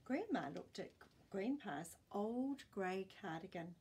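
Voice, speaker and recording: A woman storyteller reading a children's picture book aloud in an expressive read-aloud manner. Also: medium pitch, slow pace, husky.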